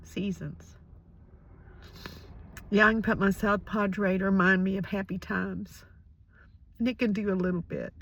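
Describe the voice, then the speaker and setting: An older woman sharing a personal faith story, emotional and halting, often sinking to a whisper. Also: medium pitch, fairly even intonation, a bit bright, dull audio. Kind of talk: personal spoken reflection.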